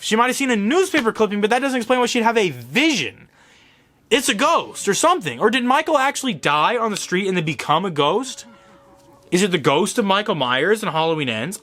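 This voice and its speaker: A young man hosting a show, giving a profane, rambling, excitable fanboy review of horror movies. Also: high-pitched, brisk, faint music behind. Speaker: host.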